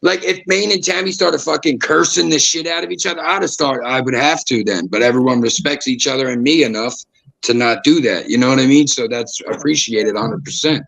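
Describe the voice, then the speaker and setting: A man's voice: medium pitch, brisk, vocal fry, poor audio. A man hosting a live-streamed panel talk, speaking bluntly and swearing freely. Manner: blunt, swears freely, acts out quotes loudly. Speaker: livestream panel host. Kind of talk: casual chat.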